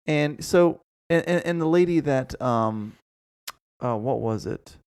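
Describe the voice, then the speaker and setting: A man co-hosting a podcast, chatting casually with quick interjections and swearing. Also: medium pitch, animated, a little mellow, dry recording, studio quality. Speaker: podcast co-host. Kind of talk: casual chat.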